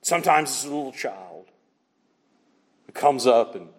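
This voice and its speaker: A man's voice: mid-range voice, expressive, measured pace, breathy edge, in a large hall. A man preaching a sermon, emphatic and full of rhetorical questions, speaking in a church sanctuary. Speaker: pastor.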